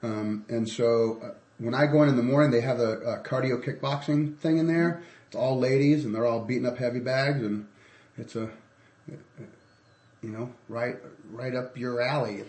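A man's voice: medium pitch, moderate pace, a little mellow, reverberant. A man hosting a casual podcast, rambling through ad reads and banter with many restarts. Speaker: podcast host.

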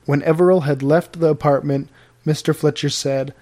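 A man narrating period fiction as an audiobook, in a measured, formal storytelling manner. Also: a little high, steady tone, warm tone.

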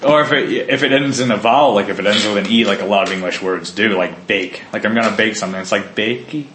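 A man's voice: lowish voice, fast. An American man in casual chat, loose and laid-back, swearing casually and using lots of fillers. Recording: echoey room, faint noise.

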